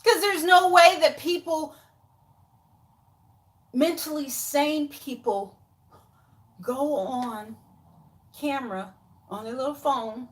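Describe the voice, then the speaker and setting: A woman's voice: high voice, slow pace, long pauses. A woman talking to camera in a casual vlog, full of exasperated, incredulous rhetorical questions. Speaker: YouTuber.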